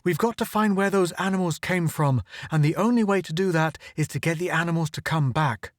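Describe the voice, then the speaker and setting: A man's voice: fairly high pitch, brisk, no echo, clean studio sound, voice pushed up, lightly acted. A man reading a storybook audiobook, voicing a tense, urgent young male space reporter in a raised voice. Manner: urgent, commanding.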